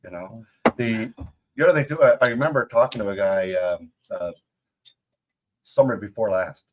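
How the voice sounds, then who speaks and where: A man hosting a casual interview, chatty and animated as he tells an anecdote. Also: on the low side, normal speed, highs cut off. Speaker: host.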